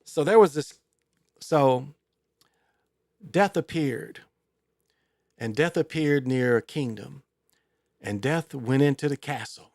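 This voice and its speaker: A man hosts his own show in a loose, rambling monologue, full of crude asides and fillers. His voice is gravelly, with plenty of fry, at an ordinary middle pitch. The sound is close and dry. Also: slow pace, long pauses, darkish tone, dry recording. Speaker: show host.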